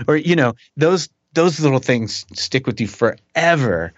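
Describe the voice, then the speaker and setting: A man's voice: mid-range voice, animated, normal speed, hardly any pauses, a bit bright, dry recording, muffled recording. A middle-aged man, a musician being interviewed, talking in a rambling, self-deprecating way and laughing often. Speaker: musician guest. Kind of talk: casual interview chat.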